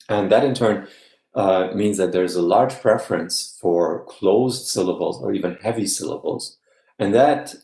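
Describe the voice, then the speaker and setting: A man giving an academic guest lecture, explaining step by step and often checking in with a quick "yeah?". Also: sits low, a little mellow, roomy sound.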